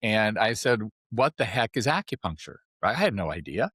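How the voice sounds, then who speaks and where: A man in his seventies, a podcast guest, telling his life story in a chatty, animated way and often checking in with "right?". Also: lowish voice, moderate pace, breathy edge, dry recording, studio quality. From California. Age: 70s. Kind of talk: casual storytelling interview.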